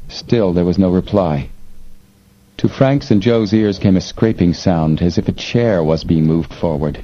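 A man narrating an adventure audiobook in an expressive, steady storytelling manner. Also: sits low, a little slow. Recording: dull lo-fi recording, faint hiss.

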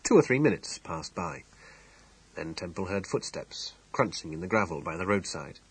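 Husky, expressive male storyteller. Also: low voice, moderate pace, rough recording. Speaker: audiobook narrator. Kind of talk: scripted narration.

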